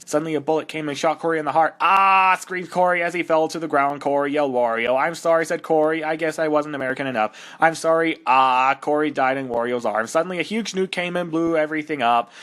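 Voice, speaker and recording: Cocky hedgehog guy voiced by a dude, kinda high, sarcastic and fed up, mocking a fanfic. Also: fast, hardly any pauses, a bit bright, natural voice. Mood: exasperated. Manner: sarcastic, exasperated mockery of the text. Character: cocky young male hedgehog hero. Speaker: fan fiction reader. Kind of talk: comedic fan-dub reading.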